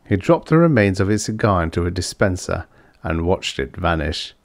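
A man narrating a vintage science fiction short story as an audiobook, in a measured storytelling manner. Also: low voice, sing-song, dry recording, clean studio sound. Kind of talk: scripted narration.

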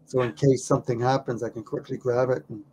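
A man who is a documentary filmmaker, telling a story in an interview with lively stammers and repeated words. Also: medium pitch, fast talker, slight background noise.

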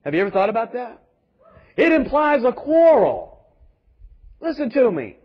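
A man's voice: very high voice, big pitch swings, moderate pace, lo-fi sound. A man pastor preaching a sermon with emphatic rhetorical questions and calls to the congregation.

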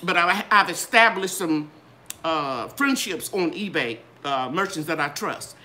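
An older woman hosting a gardening channel, chatting in a live Q and A with a lively, sing-song delivery. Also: unhurried. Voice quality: bright, trained singer's voice. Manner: animated, sing-song ups and downs in pitch. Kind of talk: live Q and A chat.

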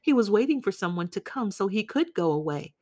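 A woman's voice: mid-range voice, sing-song, brisk, darkish tone, no room sound, studio quality. A woman reading as a lonely, clingy woman. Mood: pleading. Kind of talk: audiobook reading.

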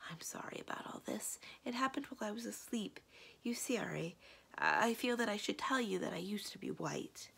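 A woman reading aloud and voicing a gentle, anxious young witch woman in a breathy, high voice. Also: animated, brisk, exaggerated voice. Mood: hushed. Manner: breathy, hushed, then pleading.

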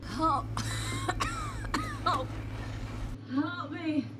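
A woman's voice: extremely high pitch, huge pitch swings, extremely slow, loud music behind the voice, full character voice. A young woman pleading in a thriller. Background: loud film score.

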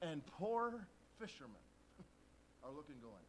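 A man's voice: a little high, very animated, moderate pace, noisy background. A male pastor preaching a sermon at a conference, telling stories, acting out quoted voices and reading scripture in old-style wording. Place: church conference hall.

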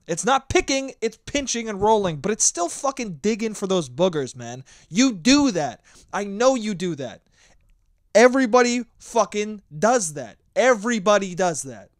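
A young man hosting his own podcast, ranting with lots of swearing and sometimes shouting into a handheld mic. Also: high voice, moderate pace, no room sound, studio quality. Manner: profane, animated ranting; shouting at times. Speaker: podcast host. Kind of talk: solo podcast monologue.

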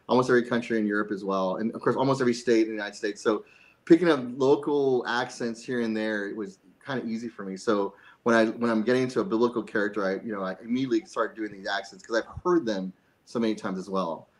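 A man's voice: lowish voice, fast talker, low-quality recording. A man being interviewed as a guest actor, chatty and self-joking, often laughing. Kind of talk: casual interview chat.

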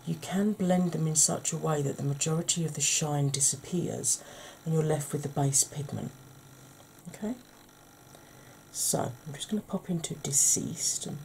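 A woman with a husky, croaky voice hosts a soft-spoken ASMR makeup tutorial, chatting gently to her viewers. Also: sits low, a little hiss or hum. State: husky, croaky voice from a sore throat.

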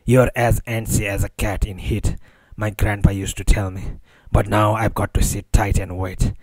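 A man's voice: fairly low pitch, level tone, moderate pace, darkish tone, dry recording, pitched below the performer's own voice. A man reading an audiobook, voicing an easygoing but impatient young working man who talks bluntly in slang. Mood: frustrated.

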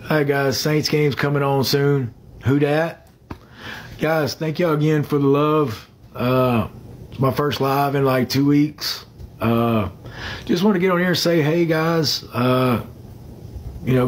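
A man's voice: mid-range voice, a little hiss or hum. A man chatting casually on a phone livestream. He rambles, fills the gaps with "uh", and greets viewers by name.

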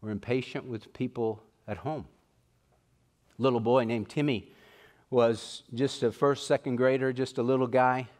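A pastor preaching a sermon earnestly, slowing down to stress key words. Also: male voice, medium pitch, steady tone, a little mellow.

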